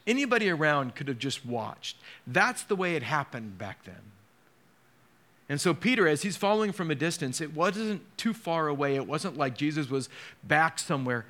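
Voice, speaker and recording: A man preaching a sermon as a pastor, emotional and dramatic, dropping to hushed tones and rising again. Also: on the high side, very animated, moderate pace.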